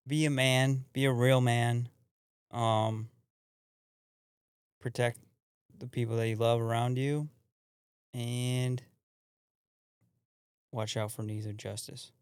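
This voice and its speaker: A man co-hosting a podcast in casual chat, quick and jokey, often restarting his sentences. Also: medium pitch, little pitch movement, clear, resonant tone, dry recording, clean studio sound. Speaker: podcast co-host.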